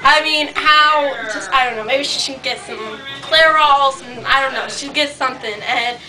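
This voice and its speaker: A woman's voice: high-pitched, normal speed. A woman improvising a silly comic story in a rambling, giggly, chatty way. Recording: distant mic, noisy home video.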